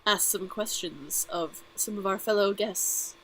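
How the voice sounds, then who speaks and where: A woman voicing a pompous British gentleman with a put-on British accent and formal, stilted wording, in a tabletop role-play. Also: medium pitch, unhurried, a little hiss or hum, close to an everyday voice, rough recording. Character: pompous British gentleman, grandiose supervillain air.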